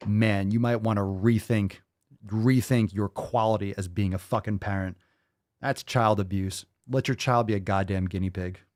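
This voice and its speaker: A man's voice: lowish voice, darkish tone, no room sound, clean studio sound. A man hosting a livestreamed podcast, ranting with constant profanity and sarcasm while reading viewer comments. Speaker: podcast host. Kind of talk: livestream rant.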